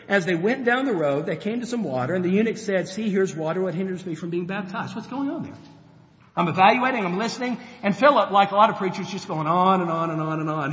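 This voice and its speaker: A man preaching a sermon, telling Bible stories in an animated way and acting out the characters. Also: high-pitched. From grew up on a farm. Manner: animated storytelling, acts out Bible characters, chuckles. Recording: dull lo-fi sound with long hall reverb.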